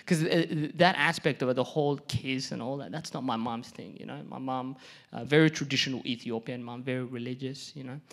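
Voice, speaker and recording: A young man, performing lively stand-up storytelling on a theatre stage. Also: mid-range voice, a little fast, creaky. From Perth, Australia. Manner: animated, chatty storytelling. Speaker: stand-up comedian. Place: theatre stage before a live audience.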